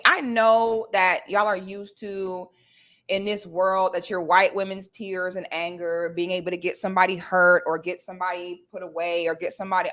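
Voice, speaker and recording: A vlogger with a mid-range, slightly bright voice speaks directly to her viewers in a confrontational, casual rant. She scatters sassy asides throughout and keeps tagging sentences with "okay?"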